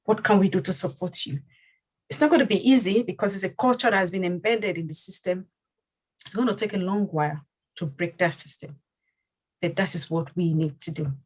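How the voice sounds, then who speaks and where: On a rough recording, a woman with a lowish, husky voice hosts a panel as a leader in her community. She moves briskly, speaking with sincerity and repeating phrases to drive points home.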